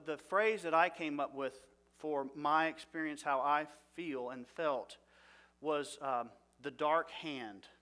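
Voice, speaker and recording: Middle-aged male Bible teacher, earnest, questions the room, bright, slightly higher pitch. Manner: earnest, asks the audience questions, drops to a low soft voice for feelings.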